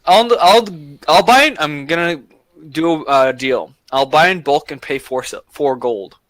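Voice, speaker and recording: A man's voice: on the high side, lively intonation, measured pace, a bit bright, dry recording. A man playing a tabletop game, haggling in character and stumbling through sums aloud. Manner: bargaining, stumbling over sums. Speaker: player. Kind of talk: tabletop role-play chat.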